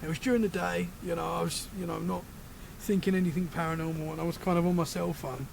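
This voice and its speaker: A British man talks casually as a podcast guest, telling stories that ramble and double back as he fixes his words. His voice is gravelly and sits a little high. The recording carries a clear layer of background noise. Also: steady tone, fast talker. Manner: rambling, self-correcting storyteller. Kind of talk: casual chat.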